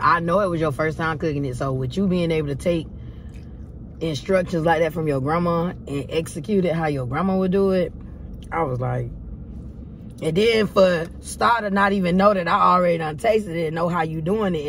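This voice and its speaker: A woman vlogger chatting casually with her partner while they eat, animated and drawn out. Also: on the low side, moderate pace, slight background noise. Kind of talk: casual couple vlog chat while eating.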